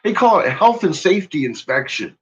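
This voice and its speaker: A man's voice: a little high, sing-song, fairly quick, dull audio. A man casually telling a personal story, swearing freely and laughing often as he talks.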